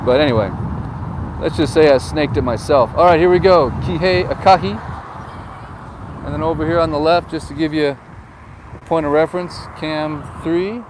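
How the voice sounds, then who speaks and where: In a windy outdoor recording shot on a phone, a real estate agent vlogger drives and delivers casual, jokey tour commentary peppered with anecdotes. His voice is a little high, his pace normal, and he leaves long pauses. Traffic and wind sound in the background.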